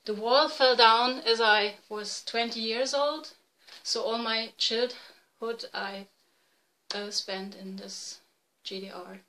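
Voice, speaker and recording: A woman in her forties from East Germany with a German accent, hosting a casual podcast in halting, self-correcting English. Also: medium pitch, sharp tone, slight background noise, rough recording. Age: 40s. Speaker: podcast host. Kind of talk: casual video podcast chat. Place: home room, dim light.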